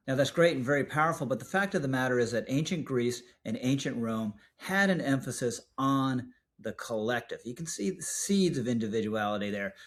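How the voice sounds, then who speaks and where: Male commentator, scripted video essay, measured, slows for emphasis, mid-pitched voice. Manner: measured, emphatic delivery, slows for key words. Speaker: political commentator.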